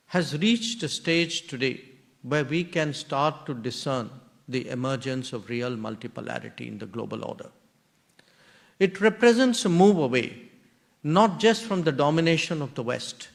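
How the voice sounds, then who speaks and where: Measured Indian man giving a formal lecture. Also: fairly high pitch, gravelly. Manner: measured, deliberate delivery in short clauses.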